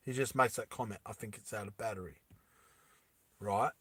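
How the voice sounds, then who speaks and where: A man casually retelling a film, animated and making sound effects. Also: lowish voice, normal speed, husky, no echo. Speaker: storyteller.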